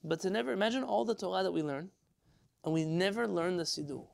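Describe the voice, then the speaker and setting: A man teaching an informal religious class as a rabbi, lively and rhetorical, putting questions to his listeners. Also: high-pitched, fast, vocal fry. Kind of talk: informal Torah lesson to a live class.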